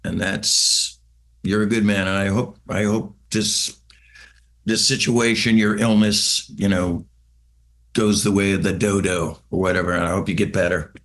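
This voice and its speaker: A man's voice: sits low, little pitch movement, unhurried, fairly bright tone. A man, a rock singer being interviewed, teasing the host with sarcastic, playful banter. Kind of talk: casual interview chat.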